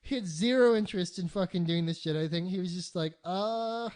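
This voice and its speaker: A podcast co-host chatting casually, swearing constantly and acting out quick mock voices for the characters. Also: medium pitch, darkish tone.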